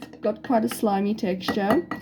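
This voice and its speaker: A woman's voice: mid-range voice, moderate pace, over music, poor audio. A young woman with a South African accent, chatting and thinking aloud with little laughs as she narrates a science experiment at home. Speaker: student doing a science experiment. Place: home kitchen. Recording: kitchen clatter of dishes and cutlery audible.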